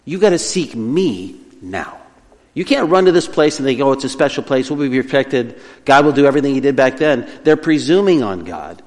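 A man's voice: mid-range voice, animated, fairly quick, hardly any pauses, big-room sound. A male pastor preaching an earnest, emphatic sermon, now and then correcting himself as he teaches.

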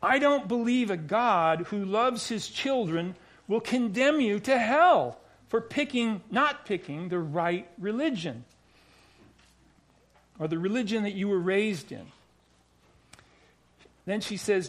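A man's voice: high-pitched, animated, slow pace, long pauses, a bit bright. A man preaching a sermon, emphatic and repetitive, asking rhetorical questions and sometimes restarting his words. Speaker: pastor.

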